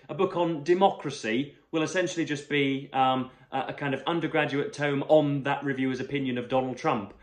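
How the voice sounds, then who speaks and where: A man reviewing a magazine for his book channel, talking in a halting, wordy way with many fillers and restarts. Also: mid-range voice. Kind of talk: casual book review vlog. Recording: roomy echo.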